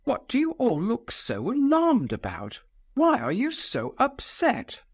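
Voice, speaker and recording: A man narrating a novel, voicing a proud, defiant young woman who speaks solemnly and forcefully. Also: extremely high pitch, wildly swooping pitch, takes it slowly, husky, no echo, clean studio sound, pitched above the performer's own voice, full character voice.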